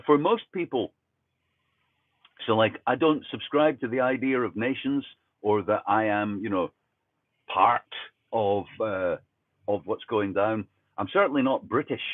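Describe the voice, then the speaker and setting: A man's voice: mid-range voice, dry recording. A man from Fife with a Fife Scottish accent, delivering a sardonic, profane ranting monologue as a commentary host. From Fife, Scotland. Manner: sardonic, profane, conspiratorial asides. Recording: tinny phone-like dry sound.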